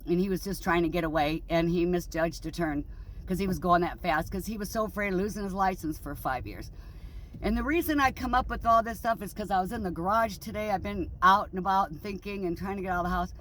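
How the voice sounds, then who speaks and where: A woman's voice: on the low side, fast, a little hiss or hum. A middle-aged woman in a casual vlog monologue, grieving and angry, rambling bluntly and swearing freely. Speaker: vlogger.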